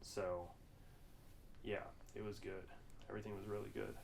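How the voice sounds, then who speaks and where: A man's voice: lowish voice, flat delivery, moderate pace, creaky, a little hiss or hum. A man co-hosting a podcast in casual chat, telling stories in a rambling way with plenty of fillers and swearing. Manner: rambling, profane storytelling with lots of fillers. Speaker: podcast co-host.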